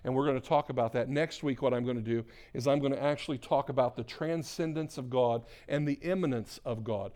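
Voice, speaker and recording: A man preaching a church sermon as pastor. He swings between loud, emphatic exhortation and soft, hushed prayer, repeating words and restarting mid-phrase. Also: medium pitch, brisk, few pauses.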